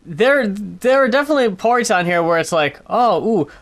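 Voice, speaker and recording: A man's voice: sits high, animated, normal speed, a bit bright. Easygoing man on a podcast. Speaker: podcast co-host. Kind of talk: casual album review chat.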